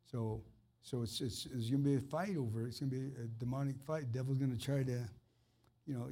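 With a steady, mellow tone and a brisk pace, an earnest man ministers informally to one listener, preaching in a plain, conversational manner. His middle-pitched voice, neither deep nor high, carries a fervent edge.

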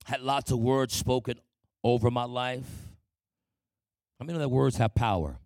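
A man's voice: medium pitch, fairly even intonation, moderate pace, darkish tone, no echo. A man telling his life story to a congregation in a church testimony, speaking conversationally and often asking the listeners for an amen.

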